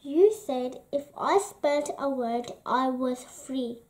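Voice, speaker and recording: A woman reading the part of an eager young boy in a storybook, calling out excitedly in a high, slow voice. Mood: urgent.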